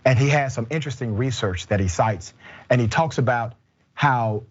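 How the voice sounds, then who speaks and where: A man's voice: medium pitch, normal speed, highs cut off. A male host of a political commentary show who speaks in short, emphatic statements.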